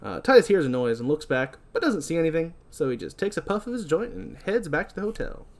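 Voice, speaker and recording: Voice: medium pitch, big pitch swings, fast, darkish tone. A podcast host casually recapping a horror movie, chatty and full of fillers. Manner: chatty, filler-heavy, laughing.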